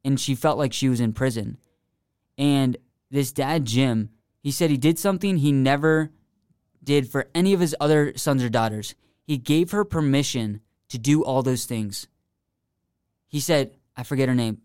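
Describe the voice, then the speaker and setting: Earnest young man, smooth dry voice. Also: medium pitch, moderate pace, a little mellow, no room sound. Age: young adult. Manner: earnest, rambling, many restarts and "like". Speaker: podcast guest. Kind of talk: casual faith testimony.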